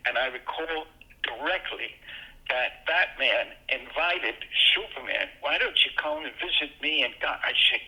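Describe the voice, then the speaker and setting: A man's voice: unhurried, vocal fry, low-quality recording. An older man from Brooklyn, telling childhood stories as a guest in casual chat. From Brooklyn, New York. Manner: animated, jumps into excited high voices for quoted moments. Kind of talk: casual storytelling.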